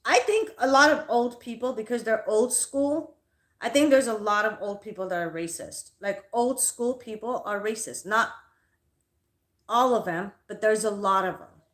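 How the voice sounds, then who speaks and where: A woman's voice: a little high, moderate pace, a bit bright. A woman hosting a live stream and telling an angry story in a heated, profane rant. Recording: echoey room.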